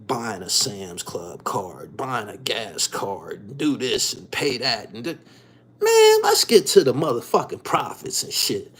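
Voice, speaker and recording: Profane, heated, husky-voiced man ranting. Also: mid-range voice, wildly swooping pitch, a little slow. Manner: profane, repetitive, heated, keeps asking "you dig". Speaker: podcast host. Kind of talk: ranting monologue.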